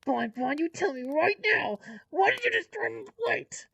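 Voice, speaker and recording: A woman voicing a bossy female robot doll in a toy play-acting video, scolding and demanding answers loudly. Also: extremely high pitch, very animated, normal speed, gravelly, no echo, heavily acted.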